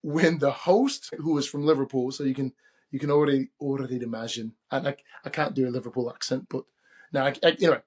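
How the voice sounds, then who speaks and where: A man hosting a podcast, telling a story in a casual, animated way and acting out the quoted voices. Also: mid-range voice, fast talker. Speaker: podcast host.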